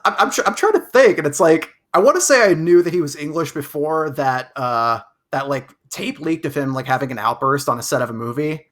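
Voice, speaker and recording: A man co-hosting a movie podcast in loose, casual chat. His voice is bright and forceful. He rambles and stumbles over repeated words as he works through his thoughts. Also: a little high, animated, a little fast, few pauses. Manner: rambling, restarts with stacked repeats. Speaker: podcast co-host.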